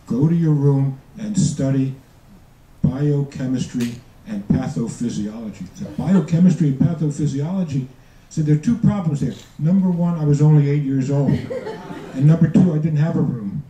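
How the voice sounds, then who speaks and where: Performing stand-up to a live crowd, a seventy-something man who is a student comedian tells dry jokes at his own expense, stumbling and restarting often. His voice sits on the high side with a dark tone, captured distantly in a noisy, echoey room filled with laughter and room noise.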